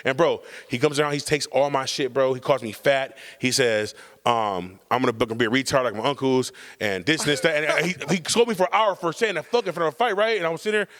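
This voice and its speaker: A man from California co-hosting a podcast, telling stories in a loud, profane and animated way. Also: a little high, fairly quick, in a large hall. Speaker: podcast co-host. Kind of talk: comedic storytelling chat.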